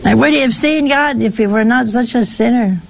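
A woman, older, preaching a sermon with lively, teasing rhetorical questions. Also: a little high, normal speed, creaky, a little hiss or hum.

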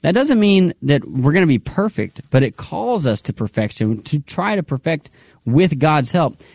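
A man's voice: a little high, big pitch swings, moderate pace, vocal fry, darkish tone, no echo. A man hosting a radio fundraising drive, upbeat, praying aloud and repeating the call-in number.

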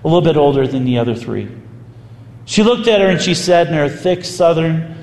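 A man, a priest, telling a story in a sermon with animated, vivid delivery. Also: on the high side, fairly quick, a little hiss or hum. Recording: echoey hall, faint ambience.

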